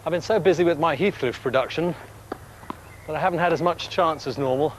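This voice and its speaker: A man's voice: fairly high pitch, fairly quick, a little hiss or hum, rough recording. A man presenting a travel show, chatty and enthusiastic as he narrates and talks with people.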